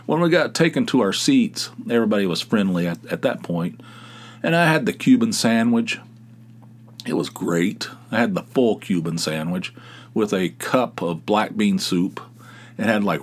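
A man's voice: on the low side, normal speed. A middle-aged man hosting a podcast, telling a rambling, sarcastic story in casual talk, with many restarts. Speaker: podcast host.

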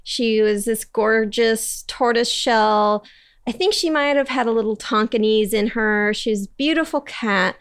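A woman's voice: on the high side, unhurried, smooth. A young woman from San Diego, a podcast guest, chatting casually and telling childhood stories with many fillers and restarts. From San Diego, California.

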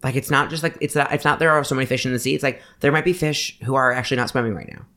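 A young man guesting on a podcast, chatting in a quick, animated, playfully dramatic way. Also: mid-range voice, no room sound. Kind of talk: casual chat.

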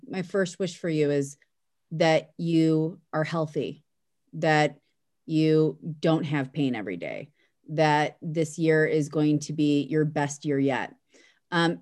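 Woman, low voice, warm-hearted rambling birthday tribute. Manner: emotional, affectionate, rambling.

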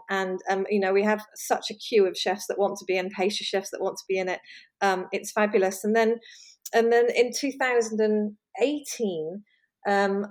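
Woman, interview guest, chatty, laughs a lot, mid pitch. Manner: chatty, laughs often, many restarts. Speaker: magazine editor, guest. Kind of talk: conversational interview.

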